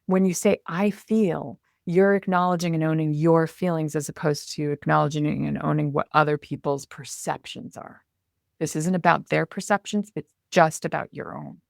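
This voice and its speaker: An expressive woman speaking as a coach in a conversational interview. Her voice sits low, with a noticeable gravelly fry. She is recorded in a dry, close space with no room echo. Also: moderate pace. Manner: animated and expressive, acts out inner self-talk. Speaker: podcast guest, communication coach.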